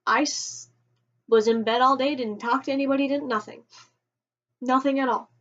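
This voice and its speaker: A woman telling a personal story on a vlog, emotional and halting, often restarting her sentences. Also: high-pitched, fairly even intonation. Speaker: vlogger. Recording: dull lo-fi home recording.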